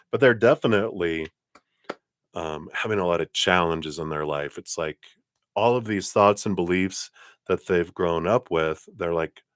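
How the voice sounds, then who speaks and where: Deep-voiced guy doing live tarot readings, rambles, lots of um and little laughs, dry sound. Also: fairly bright tone, no room sound. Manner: meandering, many fillers and self-corrections; laughs often between remarks. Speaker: tarot card reader. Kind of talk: live-stream card reading.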